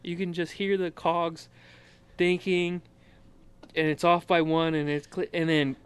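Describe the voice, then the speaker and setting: A man's voice: on the high side, a little slow, clean tone. Young man telling army stories, laughing. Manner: animated, often breaking into laughter. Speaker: podcast guest, Army veteran. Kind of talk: casual storytelling.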